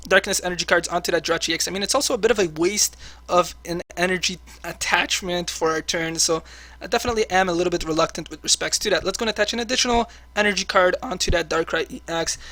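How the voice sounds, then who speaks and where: A man's voice: high-pitched, fast, pushed and bright, dry recording. A man commentating his own online card game match as he plays, chatty and full of filler words. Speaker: online card game player and channel host. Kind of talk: live gameplay commentary.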